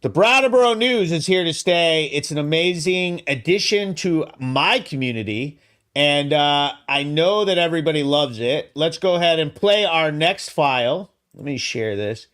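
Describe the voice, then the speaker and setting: A man hosting his own live show alone in a studio, excitable and laughing, swearing freely. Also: a little high, normal speed, clear, resonant tone. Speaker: host. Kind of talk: solo live show commentary.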